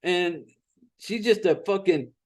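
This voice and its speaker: High-voiced Southern man recapping a movie. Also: slow pace, a little mellow. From Southern United States. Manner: profane, rambling storyteller. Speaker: podcast host.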